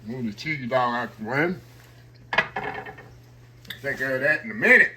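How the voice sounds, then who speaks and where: A man's voice: medium pitch, expressive, measured pace, heavy background noise. A middle-aged man, chatting folksily to his viewers as he cooks at home. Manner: folksy, chatty, talks straight to viewers as y'all. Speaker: cooking vlogger. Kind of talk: casual cooking vlog. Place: home kitchen.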